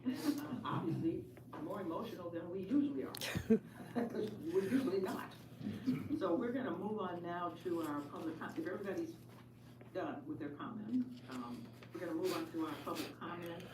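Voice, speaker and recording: A woman's voice: fairly low pitch, normal speed, noisy background. A woman chairing a commission meeting, joking and openly emotional as she calls up the next public speaker. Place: meeting room. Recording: roomy meeting hall, voice from far off.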